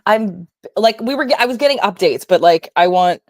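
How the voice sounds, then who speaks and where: A woman's voice: medium pitch, lively intonation, a little fast, a little mellow, dry recording. Encouraging co-host woman, dry close sound. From Canada. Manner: supportive listener, short affirmations, laughs a lot. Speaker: podcast co-host. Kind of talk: casual chat.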